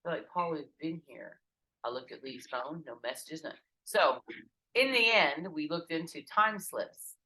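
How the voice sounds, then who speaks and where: Out in a backyard, a middle-aged woman guesting on a podcast spins stories in casual chat, swearing and acting out quotes with animation. Her low voice moves at a normal speed, and the recording quality is low.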